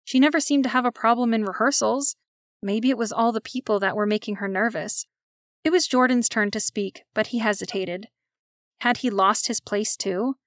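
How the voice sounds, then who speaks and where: A woman's voice: a little high, normal speed, dry recording. Woman narrating a story, dry close sound. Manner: steady, expressive storytelling.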